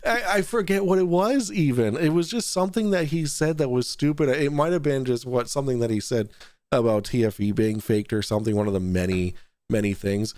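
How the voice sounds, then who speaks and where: A man hosting a casual online talk show, rambling and restarting sentences, quick to laugh. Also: medium pitch, darkish tone, no echo. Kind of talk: casual podcast chat.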